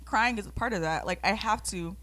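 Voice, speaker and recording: A woman in her twenties co-hosting a casual podcast chat. Her voice is mid-pitched and ordinary. She speaks emphatically and keeps chiming in with agreement. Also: brisk, a bit bright. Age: 20s. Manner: emphatic, lots of agreeing backchannel. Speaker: podcast co-host.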